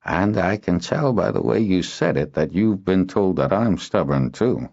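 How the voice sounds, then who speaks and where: A man voicing a gruff, stubborn old male handler who talks slowly and softly, in an audiobook. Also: low voice, lively intonation, dry recording, exaggerated voice. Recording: dull lo-fi audio.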